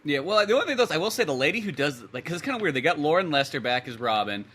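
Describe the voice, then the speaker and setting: A man's voice: fairly high pitch, sing-song, very fast, fairly bright tone, slightly rough. A man co-hosting a podcast, giving casual opinions on a film and rambling, often trailing off and restarting. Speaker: podcast co-host. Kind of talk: casual movie review chat.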